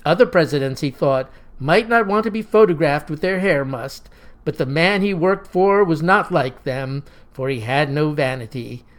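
A man narrating a satirical story in a wry, deadpan, mock-heroic tone. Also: fairly high pitch, moderate pace. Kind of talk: satirical storytelling with voiced dialogue.

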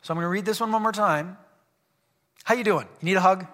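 A man's voice: high voice, fast talker, bright, forceful tone. A man preaching a sermon in a church, reading scripture and breaking off into casual, joking asides to the congregation. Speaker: pastor. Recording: long hall reverb.

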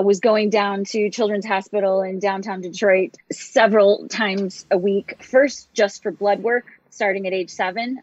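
Woman guest from Michigan, open and animated storyteller, husky and dry, slightly muffled audio. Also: mid-range voice, no echo. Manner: open, animated, laughs often. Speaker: guest, motivational speaker. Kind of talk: conversational interview storytelling. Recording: dull lo-fi sound.

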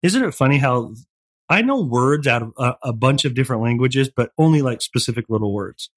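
A man's voice: medium pitch, animated, a little fast. A man co-hosting a casual chat, bantering playfully and cracking jokes. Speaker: podcast co-host.

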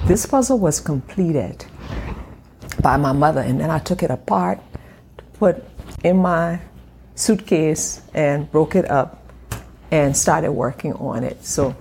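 Low-voiced woman hosting a faith podcast. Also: gravelly, slight background noise. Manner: warm, encouraging, slows down to stress a point. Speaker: podcast host. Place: home room at a glass table.

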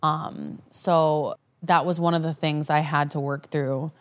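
A woman's voice: low-pitched, steady tone, unhurried. A woman vlogger candidly telling her personal story in a frank, conversational way, speaking from her apartment living room. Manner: frank and conversational, with frequent "like" and "you know".

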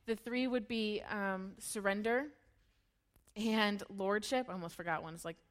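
A woman's voice: medium pitch, measured pace. A young woman giving a casual, playful sermon, retelling a story in slangy voices and laughing often.

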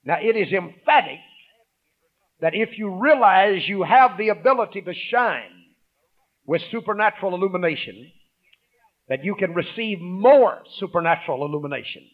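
A man preaching a sermon. He calls out to the congregation, swings from loud emphasis to hushed asides, and reads scripture aloud. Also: high-pitched, animated, moderate pace, muffled recording.

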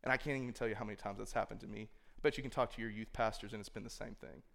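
A man's voice: on the low side, fairly even intonation, very fast, gravelly, a bit bright. A man speaking to a room of young people in a casual sermon, loose and conversational, filling his talk with "like" and voicing imagined thoughts. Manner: conversational, filler-heavy, acts out imagined inner thoughts. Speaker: youth speaker. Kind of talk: casual sermon to a youth group. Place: room with a live audience.

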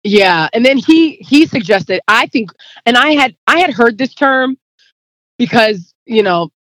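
A woman's voice: a little high, lively intonation, a little slow, fairly bright tone, no room sound. A woman guest telling a personal story in casual chat, rambling and acting out the dialogue, close to tears. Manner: rambling, acts out quoted dialogue; emotional, near tears.

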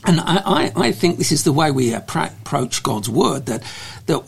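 Gravelly husky man, halting speech. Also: a little high, expressive. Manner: hesitant, with many restarts and fillers. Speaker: guest. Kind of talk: conversational faith discussion.

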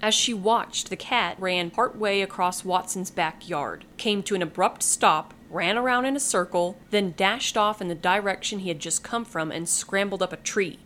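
A woman podcast host reading a children's book aloud, lively and acting out the characters. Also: medium pitch, moderate pace, few pauses, slight background noise.

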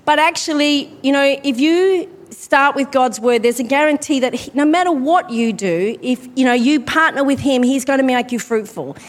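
Female preacher with a high voice. Chatty and self-deprecating, recorded in a church hall with a long echo. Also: moderate pace, hardly any pauses. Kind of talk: sermon.

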